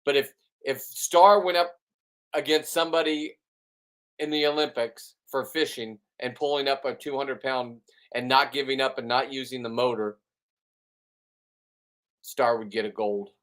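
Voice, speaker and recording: A man's voice: mid-range voice, fairly even intonation, a little slow, pauses often, fairly bright tone. Brash swaggering man on a boat. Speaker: fishing channel host. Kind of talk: casual boastful commentary. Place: on a fishing boat.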